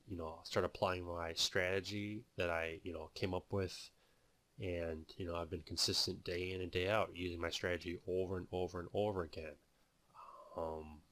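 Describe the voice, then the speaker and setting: Deep-voiced man rambling casually. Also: a bit bright, dry recording. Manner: rambling, heavy use of "you know" fillers. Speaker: day trading instructor. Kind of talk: casual spoken testimony.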